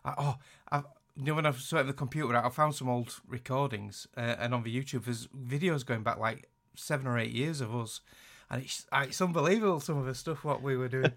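A man with a bright, forward Yorkshire accent, talking casually as a podcast co-host. He tends to run himself down and lets his sentences drop off quietly at the end. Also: mid-range voice, fairly quick. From Yorkshire, England. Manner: self-deprecating, trails off quietly. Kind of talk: casual chat.

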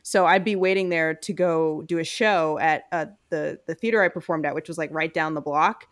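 A woman's voice: low-pitched, moderate pace, no echo, clean studio sound. Chatty New woman telling stories. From United States. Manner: chatty storyteller with frequent fillers. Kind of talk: casual chat.

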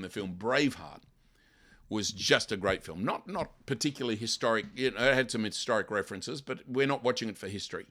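An older man preaching a sermon, impassioned and building to loud dramatic passages. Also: on the low side. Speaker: pastor.

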